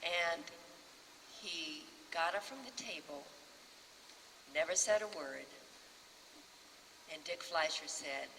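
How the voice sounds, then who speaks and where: A woman in her sixties, an actress on a panel, lively and acting out other people's lines as she tells a story. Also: low-pitched, slow, long pauses. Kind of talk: storytelling anecdote. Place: festival panel in a hall. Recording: reverberant hall, faint background hum.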